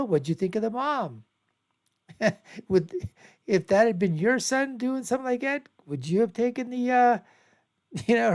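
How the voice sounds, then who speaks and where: A man's voice: high voice, gravelly, darkish tone. A man hosting his own show, giving rambling, repetitive, emphatic commentary on video clips. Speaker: show host.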